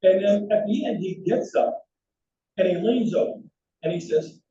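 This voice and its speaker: A man's voice: high-pitched, moderate pace, background noise. An older man, telling anecdotes in a lecture with slides and often restarting his sentences. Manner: animated anecdotal storytelling with frequent restarts. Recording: roomy, distant, dull hall recording.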